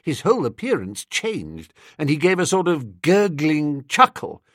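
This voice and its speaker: A man narrating an audiobook in a breezy, expressive first-person storytelling manner. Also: fairly high pitch, a little slow, no echo, studio quality.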